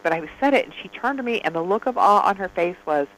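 A man with a notably high voice in easy conversation. He tells his stories with energy, acting out each exchange as he goes. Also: fast talker, few pauses, low-quality recording. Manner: animated storyteller who acts out dialogue. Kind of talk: casual chat.

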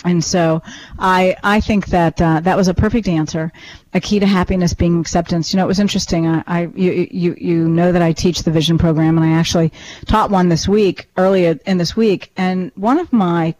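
A woman talking in a relaxed conversational way, reflecting thoughtfully as she shares ideas and anecdotes. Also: fairly low pitch, normal speed, no echo, low-quality recording. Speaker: podcast co-host and teacher. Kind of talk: casual chat.

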